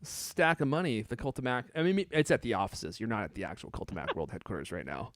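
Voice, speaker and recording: A man hosting a podcast in casual chat, joking and animated, stumbling over fillers and restarts. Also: medium pitch, fast, no echo, clean studio sound. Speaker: podcast host.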